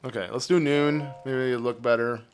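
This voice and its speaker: A man streaming a game live, chatting casually and rambling to his viewers while his phlegmy throat keeps needing clearing. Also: mid-range voice, fairly even intonation, moderate pace, soft background music. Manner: rambling, chatty, talks to chat. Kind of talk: casual live gameplay commentary.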